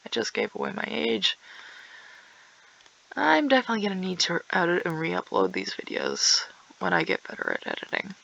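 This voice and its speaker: Creaky-voiced teenage girl rambling while gaming. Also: medium pitch, big pitch swings, normal speed, a bit bright, dull audio. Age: teens. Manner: rambling, self-aware, drifts into whispers and song. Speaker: gaming streamer. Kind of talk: casual gameplay chat.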